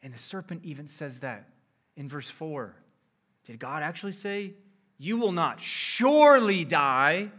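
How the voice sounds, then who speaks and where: A man preaching an expository sermon, slow and emphatic, rising sharply in pitch and volume on key phrases. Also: sing-song, fairly bright tone.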